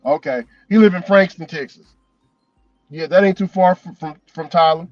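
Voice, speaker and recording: A man's voice: on the high side, moderate pace, a little mellow, dry recording, lo-fi sound, soft background music. A man vlogging as a delivery driver, chatting casually and telling loose, profane stories with frequent laughs. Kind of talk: casual chat.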